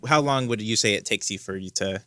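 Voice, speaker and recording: A man's voice: lowish voice, fairly quick, bright, forceful tone, no echo. A man narrating a tabletop game as game master, in a casual way with frequent restarts.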